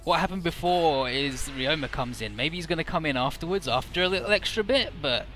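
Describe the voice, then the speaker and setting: Profane let's player, lively bright voice, faint music. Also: male voice, a little high, brisk. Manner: loose, profane, rambling. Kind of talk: casual game commentary.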